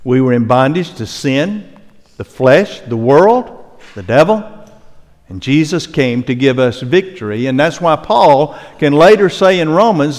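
An older male pastor preaching a sermon earnestly, slowing down for emphasis and dropping softly into prayer. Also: medium pitch, lively intonation. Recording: long hall reverb.

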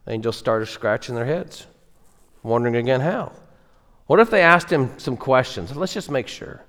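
A man's voice: mid-range voice, expressive, moderate pace, fairly bright tone. A pastor preaches a sermon earnestly and emphatically, often repeating words as he builds. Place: church sanctuary. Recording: echoey church hall.

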